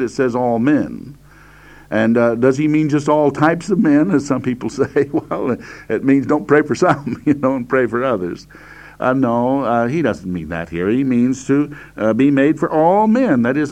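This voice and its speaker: Male preacher, emphatic sermon delivery, pitch swinging widely, raises and slows his voice for scripture quotes. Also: a little mellow. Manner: emphatic, leans hard on repeated words, frequent "uh" fillers.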